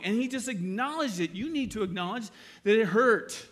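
A man's voice: high voice, animated, a little fast, fairly bright tone. A middle-aged man preaching a conversational sermon as pastor, acting out little scenes with humor. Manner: conversational, acts out quoted exchanges with humor.

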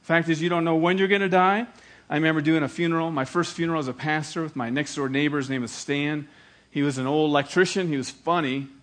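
A middle-aged man delivers an evangelistic sermon from the pulpit. His voice sits somewhat high for a man, and he speaks earnestly, swelling into emphatic appeals and then settling into personal stories. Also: fairly even intonation, fast talker, a bit bright. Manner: earnest, rising to emphatic appeals, storytelling asides. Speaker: pastor.

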